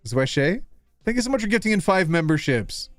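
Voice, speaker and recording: A bubbly man from Canada chatting casually on a live stream, quick to laugh and tease. His voice sits a touch high and swings up and down a lot. It is recorded dry and close, with faint music playing underneath. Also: big pitch swings, dry recording. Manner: bubbly and playful, laughs often.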